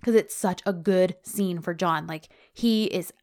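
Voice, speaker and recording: Animated woman recapping a scene. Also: on the low side, unhurried. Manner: animated retelling, reading dialogue quotes aloud. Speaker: podcast co-host recapping a TV episode. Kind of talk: casual chat.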